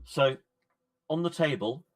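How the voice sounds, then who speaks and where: A man running a horror tabletop game as game master, narrating scenes in a measured, descriptive way with pauses. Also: a little high.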